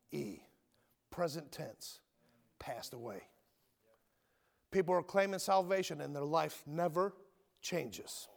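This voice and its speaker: A man preaching a sermon and giving his testimony as a former convict, swinging from emphatic shouts to low near-whispers in a folksy manner. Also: gravelly. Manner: folksy, calls listeners brother and my friend. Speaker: preacher, ex-convict prison minister. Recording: long hall reverb.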